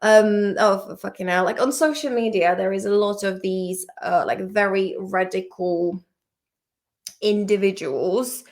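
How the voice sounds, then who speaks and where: A woman's voice: medium pitch, steady tone, a little slow, darkish tone. A woman teaching vocabulary in a casual, playful study-along lesson, chatting and swearing at the dictionary as she goes.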